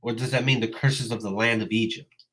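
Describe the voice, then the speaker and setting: A man's voice: medium pitch, steady tone, brisk, a bit bright, rough recording. Exasperated, profane man on a livestream. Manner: profane, exasperated, calls out commenters. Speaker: livestream host. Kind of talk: casual livestream rant.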